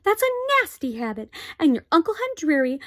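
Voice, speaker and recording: A woman's voice: very high-pitched, sing-song, normal speed, pitched above the performer's own voice. A woman voicing an anxious, strict tiny borrower mother who talks sharply and fussily in a storybook reading. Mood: scolding. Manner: sharp, scolding, fussy.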